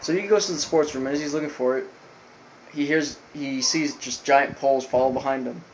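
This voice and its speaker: A man casually talking through a recap of a show episode at a mid-range pitch. He rambles, piles on fillers and restarts, and slips into quick paraphrased lines for the characters. A faint hiss sits under his voice. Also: steady tone, poor audio. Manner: rambling, filler-heavy retelling with loose quoted lines. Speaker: anime episode reviewer.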